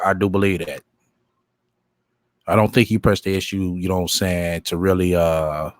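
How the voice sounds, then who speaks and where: A man's voice: deep voice, no echo, studio quality. A man doing live-stream commentary, mocking a clip with lots of swearing and laughter, and reading viewer comments aloud. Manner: profane, mocking, laughs often, reads chat aloud.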